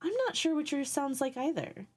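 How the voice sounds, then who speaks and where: A woman with a youthful voice and a Texan Southern accent, chatting candidly with stream viewers from a home setup, swearing freely and throwing in quick asides. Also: sits high. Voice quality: youthful-sounding voice. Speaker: livestreamer. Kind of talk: casual chat with stream viewers.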